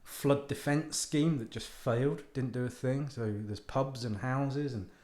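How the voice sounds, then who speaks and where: A man's voice: medium pitch, a little slow, a little mellow. A man, hosting his own podcast, rambling and ranting in a self-mocking way and swearing freely. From United Kingdom. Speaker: podcast host and author. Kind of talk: casual ranting monologue. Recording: echoey room.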